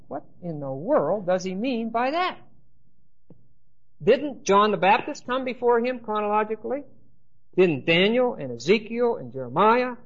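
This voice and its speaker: A man teaching a Bible class, explaining slowly and checking in with his listeners with "right?" and "okay?". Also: high-pitched. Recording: dull lo-fi lecture recording.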